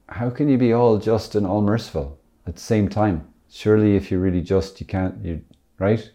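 A man's voice: lowish voice, mellow. A male priest from Ireland giving a casual, jokey teaching talk, chatty and self-deprecating.

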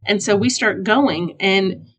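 A middle-aged woman hosting a podcast, telling a story in a casual, self-mocking way and jumping into high voices when she quotes people. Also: slow pace, breathy edge. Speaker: podcast host.

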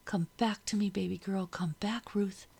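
A woman's voice: mid-range voice, unhurried, darkish tone, husky, voice pushed up. A woman voicing a desperate young girl who pleads to protect her little sister. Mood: soft whisper. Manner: pleading, urgent.

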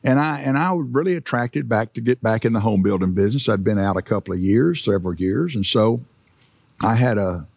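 Gravelly-voiced man preaching a sermon. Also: on the low side, animated, brisk, darkish tone, no room sound, studio quality. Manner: conversational, repeats words for emphasis.

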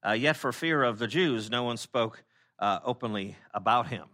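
A pastor preaching a conversational sermon, with many fillers and restarts, who acts out the people he quotes in lively voices. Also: medium pitch, moderate pace.

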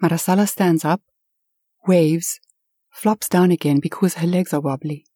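Husky, dark-voiced woman storyteller. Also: lowish voice, a little slow, no room sound, studio quality. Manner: lively, expressive telling with dramatic swells. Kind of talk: told story narration.

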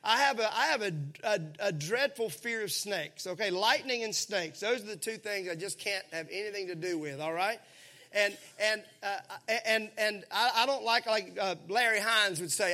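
A man preaching a sermon, animated and calling on the congregation to answer back. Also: sits high, moderate pace. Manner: animated, calls for congregation responses. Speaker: pastor.

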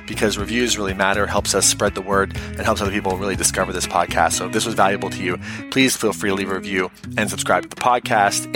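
A man hosting a podcast, reading an earnest, inviting intro. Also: on the low side. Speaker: podcast host. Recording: music bed behind the voice. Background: guitar music.

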